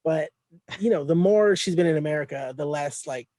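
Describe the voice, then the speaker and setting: A man's voice: on the high side, normal speed, warm tone, dry recording. A man hosting a casual podcast, explaining and arguing fan theories at length. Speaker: podcast host.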